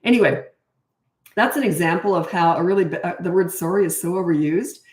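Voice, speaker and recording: A middle-aged woman parenting coach chatting casually through viewer questions, animated, with quick asides. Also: fairly low pitch. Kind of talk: casual Q&A talk. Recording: roomy echo.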